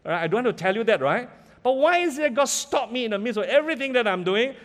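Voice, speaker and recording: Malaysian-accented male preacher, high-pitched and emphatic, heard with long hall reverb. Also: big pitch swings, fast talker, a bit bright. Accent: Malaysian English. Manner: emphatic, asks the congregation questions often. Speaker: pastor. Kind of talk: sermon.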